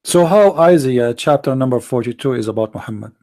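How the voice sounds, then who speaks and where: A man's voice: medium pitch, animated, brisk, darkish tone. A man hosting a live debate stream, arguing emphatically with rhetorical questions and non-native grammar. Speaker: live debate show host.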